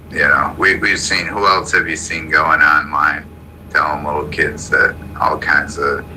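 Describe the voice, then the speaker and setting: Male host with a very low, hard-edged voice; blunt live audio-room commentary full of restarts. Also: sharp tone, a little hiss or hum, poor audio. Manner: blunt, repetitive, stumbling restarts. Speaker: show host.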